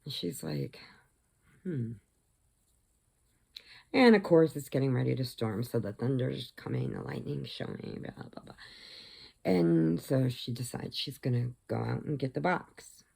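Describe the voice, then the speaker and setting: A woman's voice: rumbling low, unhurried, vocal fry, pauses often, husky. A middle-aged woman vlogger casually retelling a movie plot, acting out the lines and sometimes dropping to a whisper. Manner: animated storyteller, acts out lines, drops to whispers.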